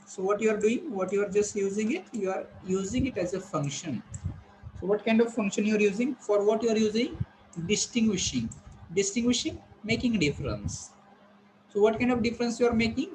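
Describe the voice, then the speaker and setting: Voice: medium pitch, lively intonation, a little fast, a little mellow, a little hiss or hum, poor audio. A college lecturer, teaching a class and restating points through rhetorical questions to the students. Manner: repeats and rephrases, asks the class rhetorical questions.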